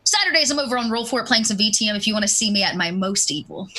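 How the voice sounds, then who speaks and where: A woman's voice: medium pitch, expressive, rapid-fire, bright, forceful tone. A woman game master chatting playfully on a stream outro, with many fillers and hesitations. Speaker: game master, guest player. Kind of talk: casual stream outro chat.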